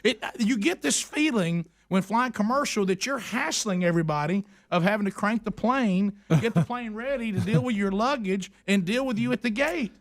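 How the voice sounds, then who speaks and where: A man's voice: sits high, moderate pace, hardly any pauses. A man hosting a radio talk show, telling stories in an emphatic, exasperated way with lots of restarts. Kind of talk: animated talk radio storytelling. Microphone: studio microphone.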